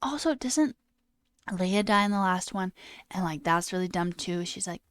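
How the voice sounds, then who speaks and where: A woman streamer ranting in a casual, animated way, swearing and mocking voices in quotes. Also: fairly low pitch, normal speed, clean tone. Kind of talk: casual live-stream rant. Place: home room.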